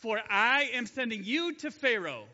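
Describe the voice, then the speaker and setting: A man voicing God as a calm, commanding male figure who gives firm, direct orders. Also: very high voice, moderate pace, in a large hall, lo-fi sound, full character voice.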